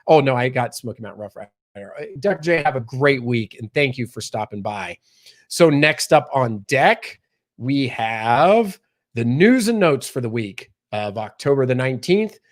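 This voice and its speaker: A man hosting a casual livestream, chatting with viewers and reading out the news with lots of fillers. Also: medium pitch. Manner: chatty, reads viewer comments aloud, many fillers. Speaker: livestream host. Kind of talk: casual live-stream chat and news reading.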